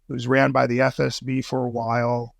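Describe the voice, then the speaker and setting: A man's voice: medium pitch, monotone, brisk, gravelly, no room sound, clean studio sound. A man guesting on a podcast, telling a story in casual talk, swearing freely and using street slang.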